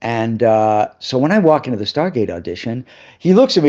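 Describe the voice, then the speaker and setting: A man tells a story as a guest on a live interview show, full of energy and acting out the voices of the people in it. His pitch sits in the middle range. The sound is a little dull and lo-fi, as if it comes over a video call. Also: a little fast. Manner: lively anecdotes, acting out other people's voices.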